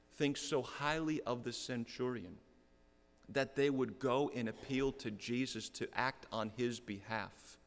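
A middle-aged man preaching a sermon, explaining a text earnestly and repeating key phrases for emphasis. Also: medium pitch. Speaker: pastor. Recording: long reverb of a hall.

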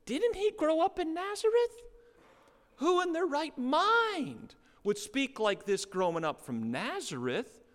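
Male preacher, lively delivery, acts out quoted voices, slightly high voice, long hall reverb. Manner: animated, acts out quoted voices with sudden pitch jumps. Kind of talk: sermon.

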